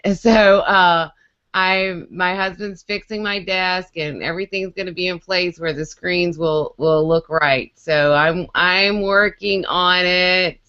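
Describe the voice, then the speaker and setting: A woman's voice: on the low side, fairly even intonation, slow, sharp tone. A woman co-hosting a casual video-call chat, talkative and playful, laughing often. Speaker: co-host. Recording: muffled lo-fi video-call audio.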